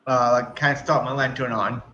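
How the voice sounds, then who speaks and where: A man playing in a tabletop game, who talks in a hesitant, halting way with many uhs. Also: mid-range voice, steady tone, pushed and bright, slight background noise. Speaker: player. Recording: echoey, dull room recording.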